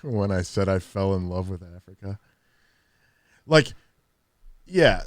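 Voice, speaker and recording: A man hosting a casual podcast, halting and repeating himself, often laughing. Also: deep voice, expressive, dry recording, studio quality. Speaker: podcast host.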